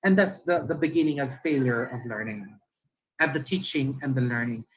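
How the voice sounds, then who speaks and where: A man's voice: medium pitch, moderate pace, rough recording. A Filipino man with a Filipino accent, giving a chatty, conversational talk to teachers and slipping Filipino words into his English. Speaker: teacher trainer.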